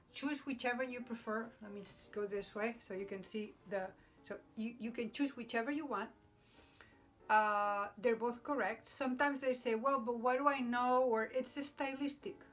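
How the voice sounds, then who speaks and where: A woman teaching Spanish grammar at a whiteboard, explaining patiently in English with Spanish examples and checking in with "okay?" often. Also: fairly high pitch. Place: classroom with a noisy whiteboard.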